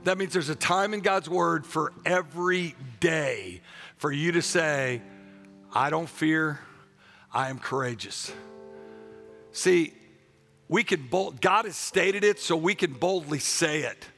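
A man's voice: on the high side, a little slow, gravelly, fairly bright tone, faint music behind. A man preaching a passionate sermon, leading the congregation in call-and-response declarations and breaking into joking asides. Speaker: pastor.

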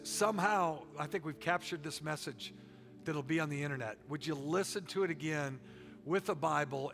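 A man's voice: on the high side, creaky, fairly bright tone. A middle-aged man preaching a sermon with a folksy, joking and emphatic delivery. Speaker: pastor.

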